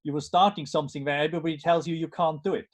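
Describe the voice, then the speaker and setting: Higher-voiced enthusiastic man. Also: steady tone, very fast. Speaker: guest filmmaker. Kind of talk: casual conversation.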